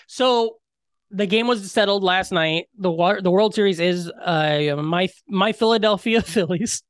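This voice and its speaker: A man co-hosting a podcast in casual chat, animated and joking, swearing often as he jumps between topics. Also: sits high, measured pace, no room sound, clean studio sound. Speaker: podcast co-host.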